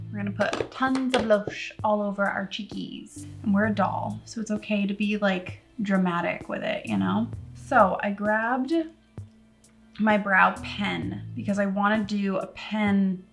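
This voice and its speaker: A woman's voice: medium pitch, fairly even intonation, measured pace, creaky, faint music behind. A young woman vlogger chatting casually through a makeup tutorial, rambling and joking at her own expense as she talks to her viewers. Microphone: camera on a tripod.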